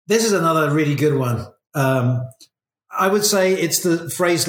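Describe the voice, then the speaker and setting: A man's voice: on the high side, expressive, measured pace. A middle-aged man, a guest in an interview, telling stories in a reflective way. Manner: reflective, storytelling. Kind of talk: casual interview chat. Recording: echoey room.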